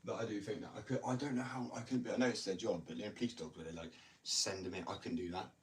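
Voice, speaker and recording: Fast, deep-voiced man rambling casually. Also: fairly even intonation. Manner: rambling, loose, lots of "like" and "you know". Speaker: skateboarder talking about skating. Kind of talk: casual chat. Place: indoors at home. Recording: distant mic with faint noise.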